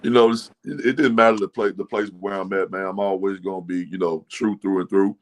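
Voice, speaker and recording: A man from Mississippi, a football coach, talking plainly and relaxed as a podcast guest, with a country-boy manner and many fillers. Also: low-pitched, a little fast. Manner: plainspoken country talk, relaxed, lots of "man" and "you know". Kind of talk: casual podcast interview.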